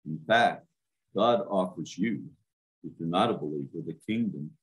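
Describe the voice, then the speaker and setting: A man's voice: sits low, animated, moderate pace, rough recording. A male minister delivering a sermon, stressing points by repeating words and putting direct questions to his listeners.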